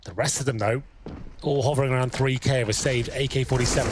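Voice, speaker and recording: A man calling an esports match, giving measured, analytical play-by-play. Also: medium pitch, steady tone, heavy background noise. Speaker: esports caster. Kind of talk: play-by-play commentary.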